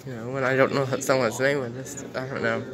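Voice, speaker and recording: A man's voice: medium pitch, flat delivery, a little fast, crowd noise. A man giving casual commentary while reading news headlines aloud, exclaiming often and repeating himself in outrage. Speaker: commentary vlogger.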